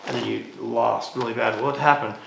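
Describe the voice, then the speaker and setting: A man's voice: medium pitch, normal speed, gravelly. A man, a martial arts instructor, telling stories as a podcast guest and acting out the dialogue in quoted voices. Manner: animated storyteller, acts out dialogue in quoted voices. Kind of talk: casual interview storytelling. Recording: roomy echo, faint noise.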